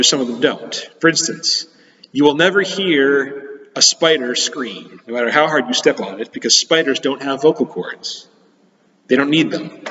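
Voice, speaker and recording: A man's voice: medium pitch, a bit bright. A man gives a children's science lesson in a chatty manner and walks his listeners through hands-on demonstrations. The recording sounds dull and muffled, and a long reverb trails after his words as if he is in a big hall. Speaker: science teacher.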